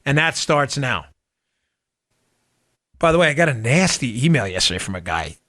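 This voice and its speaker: Male podcast host, sharp bright tone, mocking monologue. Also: medium pitch, no echo, studio quality. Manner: animated, mocking quoted voices, quick asides. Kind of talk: political talk show monologue.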